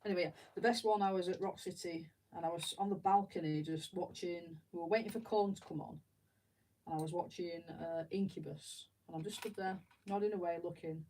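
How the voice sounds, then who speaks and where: This middle-aged English-accented streamer rambles through stories and laughs frequently while building. Her fairly low, dark voice is a little fast with fairly even intonation, and the rough recording catches her from a distance with a little hiss or hum.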